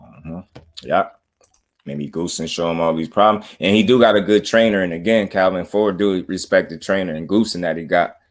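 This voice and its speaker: A man's voice: low voice, brisk. A man hosting a casual panel chat, talking boxing in a slangy, opinionated way. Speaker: boxing show host.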